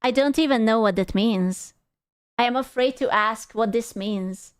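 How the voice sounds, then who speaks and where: A young woman with a high, smooth voice talks to her stream in an unhurried, rambling way. She swears freely and sounds exasperated as she reacts. Her close mic gives a dry sound with no room echo. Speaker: VTuber streamer. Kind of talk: casual reaction commentary.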